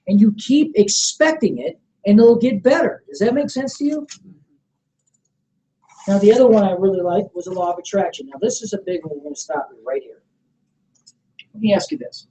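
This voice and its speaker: A middle-aged man leading a motivational sales training seminar. He coaches with energy, keeps checking that the room is following, and acts out sample pitches. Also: animated, normal speed, warm tone, poor audio. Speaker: network marketing trainer.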